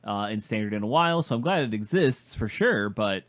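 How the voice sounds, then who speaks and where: A podcast co-host with a lowish voice chats casually about a card game, sounding animated and fairly quick. He's hesitant and often stammers through restarts.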